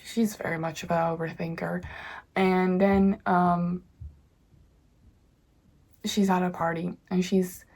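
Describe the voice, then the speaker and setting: With a fairly low pitch and a darkish tone, a young woman chats about the book she wrote. The author and vlogger is at home indoors, bubbly and rambling, and easily distracted.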